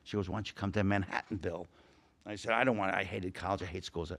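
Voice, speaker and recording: An older man spinning comic stories as a podcast guest. His voice sits low with a gravelly rasp, and he acts out every quoted voice with gusto. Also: steady tone, fast, fairly bright tone. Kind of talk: casual comic storytelling.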